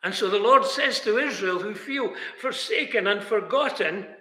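Long chapel reverb surrounds a high-pitched male preacher whose pushed, bright voice keeps a moderate pace. He is emphatic, asking rhetorical questions and speaking directly to the people listening.

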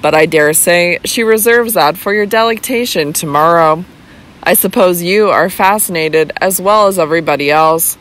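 The audiobook narrator voicing a sharp-tongued, impatient young lady with a snappish manner. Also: medium pitch, normal speed, hardly any pauses, close to an everyday voice.

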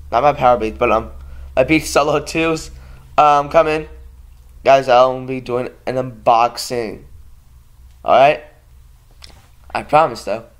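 A man's voice: fairly high pitch, fairly bright tone. A man chatting casually to his viewers in a home vlog, rambling and sleepy, with lots of ums and restarts. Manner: sleepy, yawning. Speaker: vlogger.

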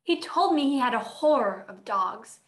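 Young woman as a calm, composed teen girl. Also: on the high side, normal speed, close to an everyday voice. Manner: calm, matter-of-fact. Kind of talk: stage reading.

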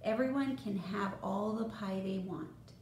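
A woman voicing a gentle, patient mother in a storybook, speaking softly and reassuringly. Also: mid-range voice, unhurried, natural voice. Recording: roomy echo, faint noise.

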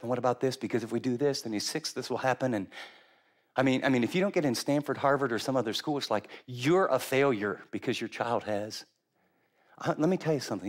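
A middle-aged man preaching a sermon, animated and emphatic, often repeating words and acting out quoted voices. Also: mid-range voice. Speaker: pastor.

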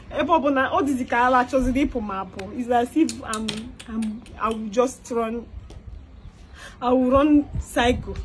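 This skit features a young Nigerian woman with an Igbo-flavored accent and a fairly high voice, recorded with a faint hiss or hum. Her comic monologue is full of begging and pleading, repeated lines, and switches from English into Igbo.

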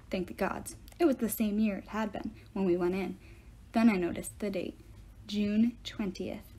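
Woman reading a novel aloud, mellow, husky. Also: mid-range voice, poor audio. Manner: expressive storytelling. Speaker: reader of audiobook chapters.

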